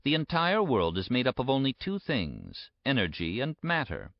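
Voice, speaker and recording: A man giving a measured, emphatic audiobook narration. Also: mid-range voice, huge pitch swings, gravelly, no echo. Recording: dry, dull lo-fi recording.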